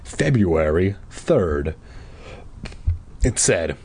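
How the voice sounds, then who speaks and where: A man's voice: very animated, unhurried. Man reading a kids' horror book, sardonic. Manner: sarcastic, profane asides, raises pitch for dialogue. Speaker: reader of a children's horror book. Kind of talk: comedic audiobook reading with drunken asides.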